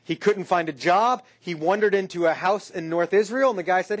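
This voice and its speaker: A male pastor delivers a sermon, moving from a scripture reading into lively, conversational storytelling. His voice sits high for a man. He drops in quick acted-out lines for the characters as he retells the story.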